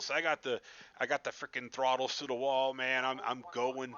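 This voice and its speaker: A man's voice: medium pitch, level tone, brisk, pushed and bright, dull audio. A man telling a casual, self-deprecating story about his flight sim session, rambling and swearing freely. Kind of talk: casual storytelling over gameplay.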